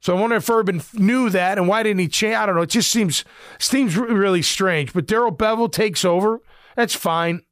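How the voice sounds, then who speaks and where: A man's voice: high-pitched, brisk, fairly bright tone, no echo, clean studio sound. A middle-aged man, a former football player, giving casual sports commentary in a blunt, rambling way with lots of fillers.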